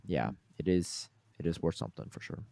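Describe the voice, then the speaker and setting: A man's voice: sits low, fairly quick, gravelly, dark tone, no echo, studio quality. An American man co-hosting a casual podcast, reading out viewer comments and laughing easily. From United States. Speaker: podcast co-host.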